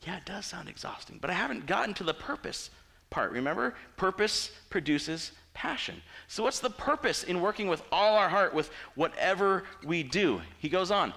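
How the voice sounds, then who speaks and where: Guy pastor preaching, chatty storytelling, bright slightly high voice. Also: expressive, moderate pace, creaky. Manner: conversational, storytelling with asides and quoted voices. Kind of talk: sermon.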